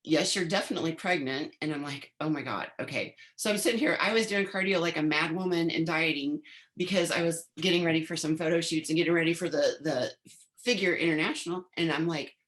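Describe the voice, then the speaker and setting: Woman in her 50s, low voice, chatty guest telling a long story on a podcast. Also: fairly quick, fairly bright tone. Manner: chatty, replays her own past lines in quotes. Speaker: interview guest, former bodybuilder. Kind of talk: casual storytelling interview.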